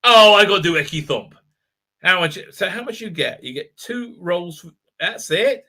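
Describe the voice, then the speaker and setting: A middle-aged man hosting a casual livestream, reading chat aloud, rambling and excitable with many fillers and frequent laughs. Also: sits high, normal speed.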